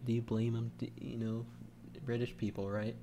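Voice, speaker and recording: A man's voice: mid-range voice, flat delivery, normal speed, creaky, mellow. A man hosting a casual podcast chat, joking around, laughing often and stumbling over restarts. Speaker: podcast host.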